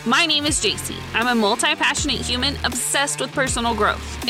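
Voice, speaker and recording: A woman hosting her own podcast, talking alone to her listeners in a sassy, emphatic and animated way. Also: on the high side. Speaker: podcast host. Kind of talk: solo motivational podcast talk.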